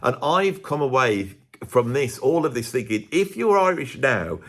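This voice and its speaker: A man's voice: medium pitch, very animated, a little slow. Male commentator, casual monologue to camera, meandering delivery, self-interrupting, rhetorical questions. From England. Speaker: YouTube commentator.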